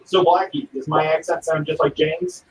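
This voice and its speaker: High-voiced man on a distant echoey mic. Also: sing-song, moderate pace, vocal fry, a little hiss or hum. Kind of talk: casual chat.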